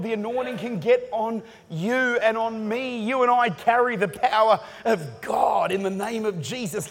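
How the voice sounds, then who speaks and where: A high-pitched man preaches a sermon, full of jokes and stories that build to shouts. His voice rings out with a long reverb tail from a big hall. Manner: animated, joking storytelling with bursts of shouting.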